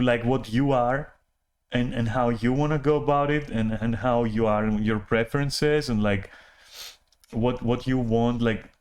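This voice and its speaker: A man talking in a casual rambling monologue, often apologizing, laughing and swearing as he restarts his sentences. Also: mid-range voice. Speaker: channel host.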